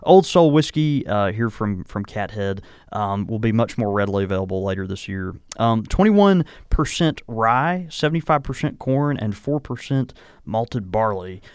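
A man's voice: lowish voice, expressive, normal speed, clear, resonant tone, no echo. A man hosting a casual podcast chat, talking in an easygoing way while tasting and reviewing whiskey in a small home studio. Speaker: podcast host.

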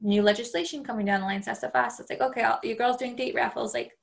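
A woman's voice: a little high, fairly even intonation, quick pace, vocal fry. A woman hosting a podcast interview, chatting earnestly with many fillers. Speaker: podcast host. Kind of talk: casual interview chat.

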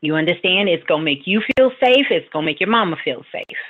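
A middle-aged woman host gives casual advice in a slightly low voice. She teases and laughs often, and acts out the people she quotes. The sound is thin and tinny, like a phone line. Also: expressive, fast. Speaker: radio host and spiritual advisor.

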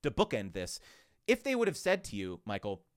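A man chats as a podcast guest, giving advice in a loose conversational way. His pitch swings widely as he acts out little bits of quoted dialogue. Fillers like "like" and "you know" run through his talk. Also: wildly swooping pitch, fairly quick, smooth.

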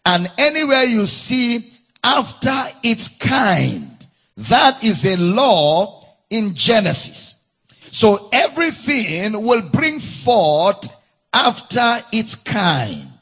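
A preacher with a Nigerian English accent teaching from the Bible, reading verses in a singsong way and repeating key phrases for emphasis. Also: male voice, sits high, sing-song, slow, fairly bright tone, husky.

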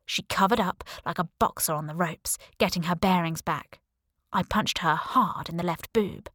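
A woman's voice: lowish voice, normal speed, fairly bright tone, no echo, clean studio sound. A woman reading a first-person story aloud as an audiobook narrator, with a wry, sarcastic delivery.

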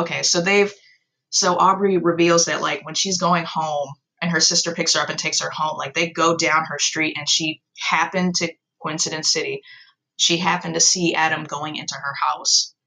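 A woman's voice: deep voice, steady tone, moderate pace, gravelly, pushed and bright, poor audio. A young woman casually recapping an old story of hers, sarcastic and self-mocking, swearing freely. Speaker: podcast host.

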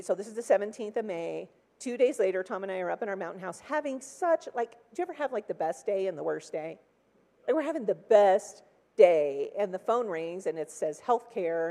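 A woman's voice: mid-range voice, animated, fairly quick, mellow, big-room sound. A woman in her sixties giving a personal testimony from a church pulpit, chatty and full of "like" and acted-out quotes. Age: 60s. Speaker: church speaker. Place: large church hall.

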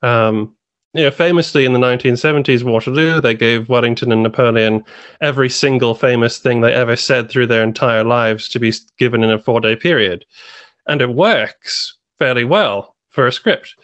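Panelist, lively chatty man, mid pitch, dry recording. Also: moderate pace, no echo, dull audio. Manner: animated, laughs while talking. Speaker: podcast panelist. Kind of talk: casual chat.

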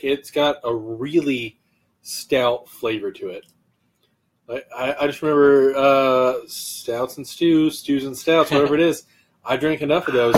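A man's voice: medium pitch, breathy edge. A man co-hosting a casual beer-tasting chat, a laid-back storyteller who swears often. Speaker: podcast co-host.

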